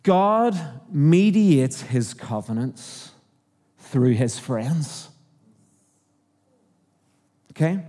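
A man's voice: on the high side, very animated, very slow, long pauses, dark tone, big-room sound. A man from Northern Ireland with a Northern Irish accent, preaching a conversational sermon and asking the congregation questions. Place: church auditorium.

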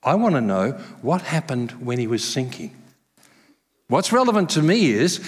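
A male pastor preaching a sermon at a church service, conversational and self-deprecating, telling stories with lively humor. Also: medium pitch, moderate pace. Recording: long hall reverb.

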